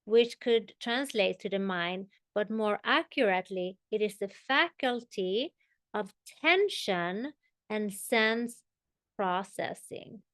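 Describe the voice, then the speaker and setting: Woman, meditation teacher, tense bright tone, very measured delivery, keeps checking in with the class. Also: mid-range voice, lively intonation, no echo. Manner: unhurried, explanatory, checks in with "okay" and "right?". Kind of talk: spiritual teaching.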